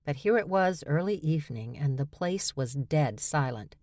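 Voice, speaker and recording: A woman's voice: low-pitched, animated, moderate pace, a little mellow, dry recording. A woman narrating an audiobook with wry, dry storytelling. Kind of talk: scripted narration.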